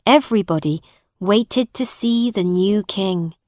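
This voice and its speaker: A woman narrating an audiobook for English learners, reading slowly and clearly with deliberate, expressive delivery. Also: mid-range voice, dry recording, clean studio sound.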